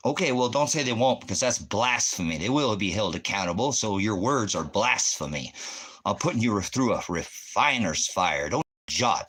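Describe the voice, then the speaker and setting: A man's voice: fairly low pitch, a bit bright, slightly rough. A middle-aged man ranting on a livestream, confronting chat viewers by name in a preachy, combative way. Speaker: livestreaming ministry host.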